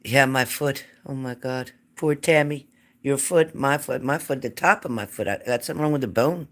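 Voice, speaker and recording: A woman's voice: extremely low pitch, normal speed. A woman hosting a live psychic reading stream, chatting casually and greeting viewers by name.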